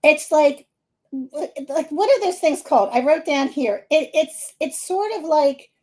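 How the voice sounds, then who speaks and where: A middle-aged woman with a Philadelphia-area accent, hosting a live stream as a psychic medium and talking to her viewers in a chatty, animated way, laughing often. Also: high voice, measured pace.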